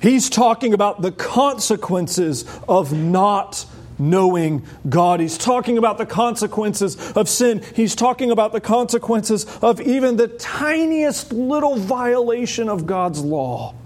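Male preacher, high tenor, lively verse-by-verse sermon with playful voices. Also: slow pace. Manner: animated, acting out voices with sudden high squeals. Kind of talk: expository sermon.

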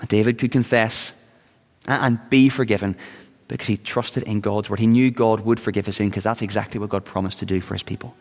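A man preaching a sermon as pastor, earnest and at times rising into urgent, pleading appeals. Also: lowish voice. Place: church sanctuary. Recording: long reverb of a church hall.

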